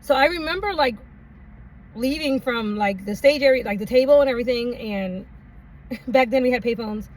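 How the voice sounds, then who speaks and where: High-voiced woman rambling through a laughing story. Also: moderate pace. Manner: laughs often, rambling with many fillers. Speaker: vlogger. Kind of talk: casual storytime monologue. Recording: distant mic, faint background noise.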